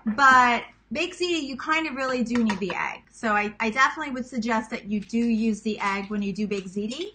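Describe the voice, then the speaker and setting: A woman in her thirties from Queens, with a New York accent, walks viewers through a recipe in her home kitchen in a casual cooking demonstration, chatting and teasing herself as she calls them "guys." Her voice is a little high, bright, and forceful, and she talks fairly quickly with few pauses. The audio is poor, with a little hiss or hum.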